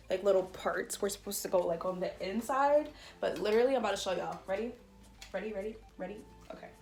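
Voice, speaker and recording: A woman talks excitedly to her viewers from her bedroom, filling her sentences with "like" and "y'all" as she walks through a setup. Her voice sits at a mid pitch for a woman, and the camera picks it up on a tripod. Soft music plays faintly underneath. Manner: chatty, excitable, says "like" and "y'all" a lot. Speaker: beauty vlogger. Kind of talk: casual unboxing vlog. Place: bedroom at home. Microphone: phone or camera on a tripod.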